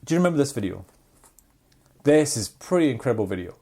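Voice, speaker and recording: A man's voice: medium pitch, quick pace, slightly rough. Guy on a podcast, chatty, voice swings up and down a lot, plays out the people he quotes. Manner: animated storyteller, acts out quoted people. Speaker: podcast co-host. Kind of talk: casual chat.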